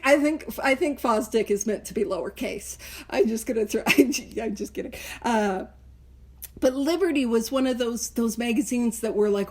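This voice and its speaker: A woman's voice: a little high, a little mellow. A woman hosting a podcast book study, reading passages aloud and chatting with playful, joking asides. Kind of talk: casual chat reading and commenting on a text.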